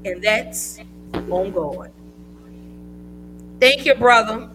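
A woman hosting a casual live podcast, talking in an effusive, affectionate way with drawn-out phrasing. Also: mid-range voice, noisy background. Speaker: podcast host.

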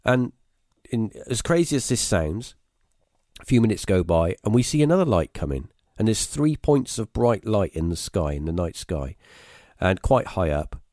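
A man, telling a story as a podcast guest in a rambling, halting way, full of fillers and restarts. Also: on the low side, sing-song, a little mellow, no room sound, clean studio sound. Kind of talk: casual storytelling.

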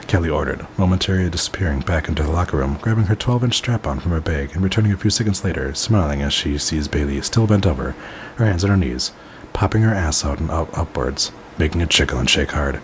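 A man with an extremely deep voice narrates a comic reading in flat deadpan. He drops dry asides between sentences, with faint noise in the background. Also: quick pace, rough recording. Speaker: host reading stories.

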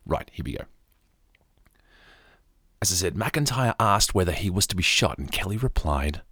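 An Australian man narrating a story in a calm, soft-spoken way for a podcast, with casual asides. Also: deep voice, moderate pace, pauses often, breathy edge, no room sound, studio quality.

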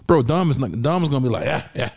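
Man, swooping animated intonation, teasing podcast co-host, interrupts a lot. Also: mid-range voice, racing, no echo, clean studio sound. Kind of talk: heated casual sports debate.

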